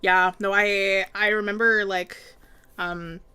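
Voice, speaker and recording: A woman's voice: mid-range voice, flat delivery, slow pace, bright, forceful tone, clean tone. A young woman streaming while she draws, chatting casually in a rambling way and laughing often. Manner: giggly, rambling, frequent laughter. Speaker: streamer and artist. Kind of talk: casual chat while drawing. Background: faint background music.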